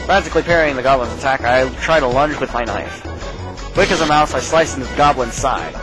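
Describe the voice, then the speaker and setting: A man hosts a let's play, reading a text adventure aloud with casual asides. His voice sits at a medium pitch. Game music plays faintly behind him. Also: poor audio.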